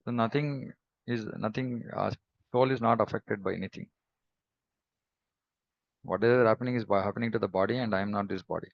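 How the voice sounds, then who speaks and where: Man, scripture teacher, reflective and measured, gravelly voice, dull dry recording. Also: fairly low pitch. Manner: reflective, measured, with pauses and hums. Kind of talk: devotional scripture class.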